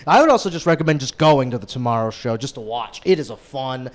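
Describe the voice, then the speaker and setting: A young man chatting as a comedian guest on a podcast, excitable and rambling, often restarting his sentences. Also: medium pitch, fast. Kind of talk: casual chat, storytelling.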